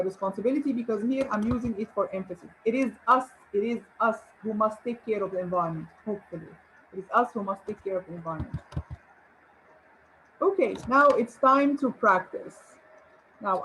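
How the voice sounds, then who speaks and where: Woman english tutor, kinda high voice, cheery praise, little hiss in the back. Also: rough recording. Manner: encouraging, rhetorical questions and praise. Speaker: English teacher. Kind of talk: online grammar lesson.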